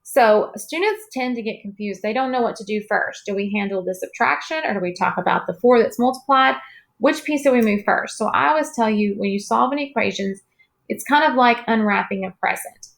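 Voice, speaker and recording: A woman math teacher recording a lesson late at night, her voice tired, clearing her throat now and then, patient and reassuring with her students. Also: on the high side, brisk.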